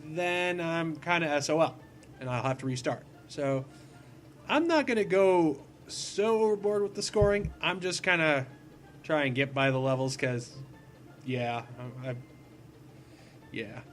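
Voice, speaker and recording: With soft music in the background, this male gaming host speaks at a measured pace in a voice on the high side. He goofs around and rambles during his casual puzzle-platformer let's-play, teasing himself along the way.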